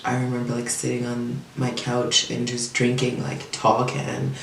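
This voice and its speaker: A woman with a gravelly, fry-laden voice tells a personal story straight to the camera, chatty and blunt, with plenty of swearing and fillers. She sounds set back from the mic in an echoey room, and faint ambient noise sits underneath. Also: rumbling low, monotone, unhurried, distant mic. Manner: candid, profane, chatty with many fillers. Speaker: vlogger telling a personal story. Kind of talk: casual storytime monologue.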